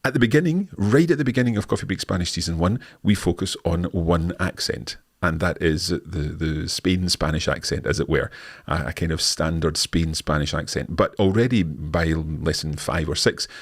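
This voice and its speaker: A man's voice: low voice, moderate pace, slightly rough, no echo, clean studio sound. A man with a Scottish accent hosting a language course, answering viewer questions live in a friendly, explanatory way with frequent restarts.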